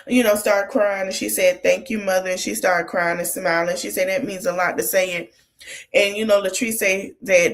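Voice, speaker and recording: A woman hosting a podcast, recapping a reality show in a casual way and giving motherly advice straight to the people on it. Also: on the low side. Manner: chatty, gives motherly advice straight to the cast.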